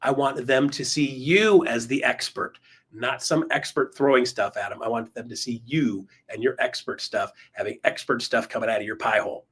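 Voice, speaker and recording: A man coaching real estate agents in an enthusiastic, emphatic motivational talk, swinging his pitch up and down. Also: moderate pace, a bit bright, husky.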